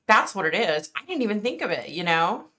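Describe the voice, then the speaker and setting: A woman's voice: medium pitch, big pitch swings, brisk, bright, forceful tone. A middle-aged woman hosting a casual live stream, chatting with viewers in a chatty, outspoken, fired-up way with mild swearing. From East Coast of the United States. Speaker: livestream host reading viewer chat.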